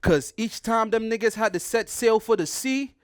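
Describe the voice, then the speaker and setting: A man's voice: high-pitched, moderate pace, clean tone, no echo, clean studio sound. A young man from Ghana performing a battle rap, aggressive and taunting, repeating punchlines with rising force. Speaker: battle rapper.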